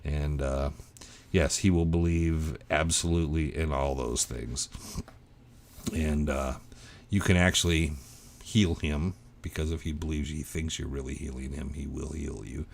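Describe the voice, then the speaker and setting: A man with an extremely deep, gravelly voice chats casually as a podcast co-host. He talks unhurriedly, pausing often and filling gaps with "uh" and "um.". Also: steady tone. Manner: slow, halting, with many fillers. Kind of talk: casual chat.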